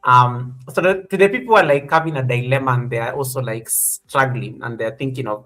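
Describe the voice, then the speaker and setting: A man's voice: mid-range voice, a little fast, hardly any pauses, a bit bright. A man hosting a casual livestream, upbeat as he thanks members and reads out the chat. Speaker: host.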